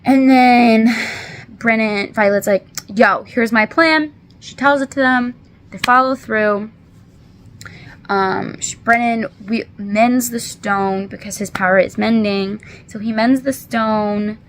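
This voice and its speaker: A woman's voice: a little high, steady tone, slow. A woman in her twenties casually recapping a book in a chatty, rambling, apologetic way, with many fillers, holding back tears. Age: 20s. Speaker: book reviewer.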